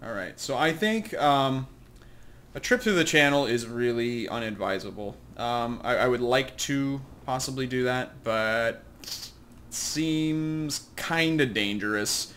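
A man's voice: mid-range voice, animated, unhurried, a bit bright, slight background noise. A man giving casual, rambling commentary on his own gameplay, self-deprecating and chuckling at his own plans. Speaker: let's play host.

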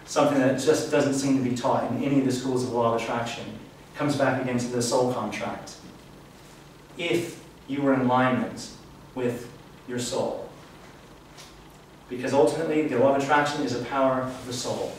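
Male speaker, mid-pitched, earnest and reflective, live talk; roomy echo, far-off mic, light hiss. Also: fairly even intonation, a little fast. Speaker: spiritual workshop speaker. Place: event room. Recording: echoey room, distant mic, faint hiss.

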